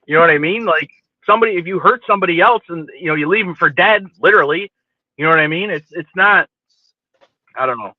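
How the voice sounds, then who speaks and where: Profane, animated man telling a story. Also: high-pitched, quick pace, dry recording. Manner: profane, animated, keeps asking "you know what I mean". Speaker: podcast host telling a story. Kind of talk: casual storytelling chat. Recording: dry, phone-like lo-fi sound.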